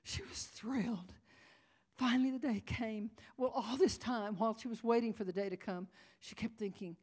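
A fairly high-pitched, slightly mellow female voice moves at a moderate pace. She is a conference preacher narrating a dramatic story on the edge of tears, shifting from hushed whispers to loud cries.

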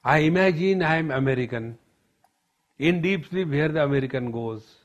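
Man, spiritual teacher, playful storytelling discourse, slightly high voice, dull lo-fi recording. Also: lively intonation, normal speed. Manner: playful storytelling, addresses audience as friends.

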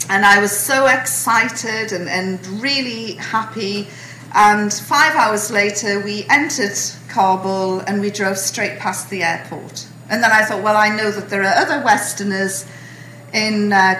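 Woman storyteller, bright, wry and animated, echoey hall. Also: medium pitch, slight background noise. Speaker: speaker recounting her imprisonment. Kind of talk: storytelling talk to an audience.

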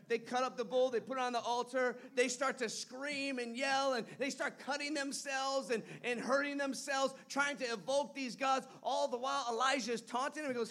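Male pastor, high-pitched and animated, preaching in church with dramatic loud-to-hushed swings. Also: brisk, hardly any pauses. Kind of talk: sermon.

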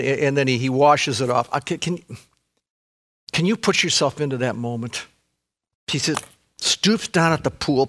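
Animated preaching man, fairly high voice. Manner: animated storytelling, acts out voices, repeats words. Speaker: pastor. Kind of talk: sermon.

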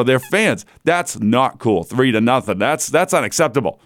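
A man hosting a solo sports talk show from a studio, chatting in a casual, animated way and chuckling as he goes. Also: medium pitch, no echo. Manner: animated, chatty, laughs between lines.

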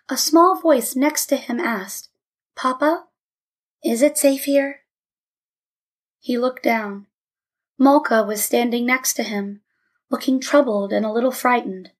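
A woman reads a story aloud as an audiobook narrator, measured and even. Her voice sits somewhat high.

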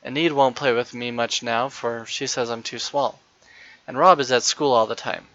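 Man doing a shy, eager little girl in a storybook, bright and pitched up, dry lo-fi sound. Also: fairly even intonation, moderate pace, no room sound, close to an everyday voice. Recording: dull, lo-fi dry recording.

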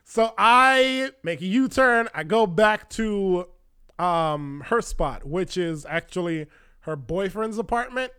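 A young man from Florida telling a personal story in a casual, animated, profane way, acting out what people said and often dropping his voice for asides. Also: sits high, slow, clean tone.

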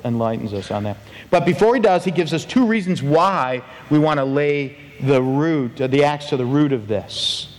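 Animated male pastor in a reverberant hall. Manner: animated, acts out quoted voices with big pitch swings. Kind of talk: sermon.

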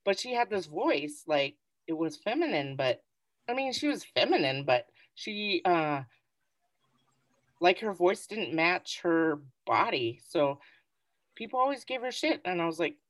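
Lively woman telling a story. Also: on the low side, a little slow, dry recording. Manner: animated storytelling, filler-heavy. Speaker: podcast co-host. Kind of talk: casual chat.

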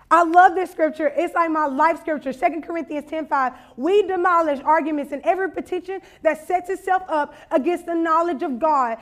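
A woman's voice: very high-pitched, fairly quick, hardly any pauses. A young woman from Louisiana, giving a conference talk that mixes funny anecdotes with preaching, laughing and acting out voices. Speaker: conference speaker. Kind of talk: storytelling sermon.

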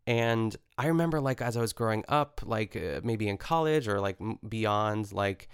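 A man's voice: lowish voice, lively intonation, moderate pace, clean tone, no echo, studio quality. A young man hosting a podcast, chatting casually in a rambling, filler-heavy way with amused asides. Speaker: podcast host. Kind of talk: casual chat recapping a cooking show.

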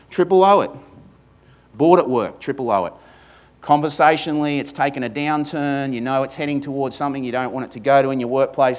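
Emphatic Australian man preaching. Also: mid-range voice. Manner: emphatic, builds repetitive lists with humorous asides. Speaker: pastor. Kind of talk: sermon. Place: church.

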